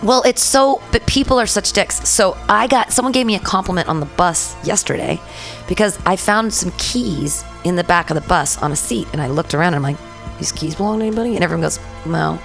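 A woman's voice: on the low side, expressive, brisk, gravelly, fairly bright tone, soft background music. A woman hosting a casual chat show, telling loose, rambling stories and acting out the quotes. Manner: rambling storyteller, acts out quotes. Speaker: comedian and podcast host.

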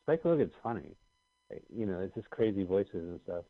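Jokey low-voiced man on radio. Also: very animated, no room sound, narrow, tinny audio. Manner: jokey, laughs easily, quick puns. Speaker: radio co-host. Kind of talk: casual radio chat.

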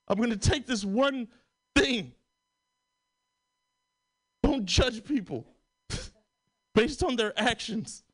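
A man on stage doing stand-up in a radio studio. His voice sits a little high and jumps even higher when he gets worked up. He swears freely and talks in an animated way. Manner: animated, swearing, rising to a high-pitched exclaim. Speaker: stand-up comedian. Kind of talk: stand-up comedy set. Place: radio studio hosting a live comedy show.

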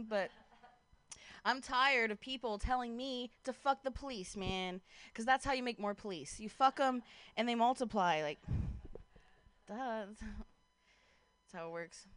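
A woman's voice: a little high, fairly bright tone, smooth, dry recording. A young woman doing a casual stand-up set outdoors on a street corner, chatting with passers-by and laughing between jokes. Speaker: stand-up comic.

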